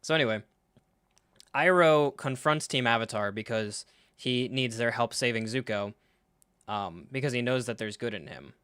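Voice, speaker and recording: A man hosting a live reaction stream, talking in an animated, sarcastic way, swearing freely and acting out scenes. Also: medium pitch, moderate pace, smooth, no echo, clean studio sound. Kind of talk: casual live reaction commentary.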